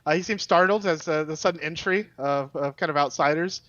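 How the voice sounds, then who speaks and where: Male game master voice, a touch high, stop-start delivery, muffled close mic. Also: fairly bright tone, dry recording. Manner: halting, many fillers and restarts. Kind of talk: narrating a tabletop game.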